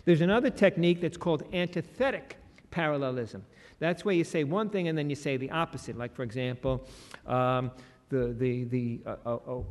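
A man lecturing on the Bible in a large hall with a slide screen behind him. His voice sits a touch high and carries a long reverb through the room. He explains patiently, then lifts into lively, emphatic passages. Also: brisk. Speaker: Bible teacher.

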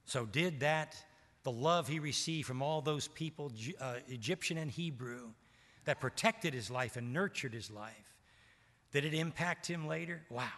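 A man's voice: on the high side, normal speed, fairly bright tone. A man in his seventies, a pastor from Maryland, preaching a sermon and telling stories that act out the dialogue. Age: 70s. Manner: storytelling, acts out quoted dialogue. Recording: long church hall reverb.

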